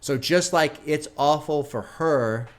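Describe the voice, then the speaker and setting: Hosting a music reaction, a man talks through his thoughts in casual, reflective commentary, swearing often and near tears, emotionally moved. His voice is fairly high and slow.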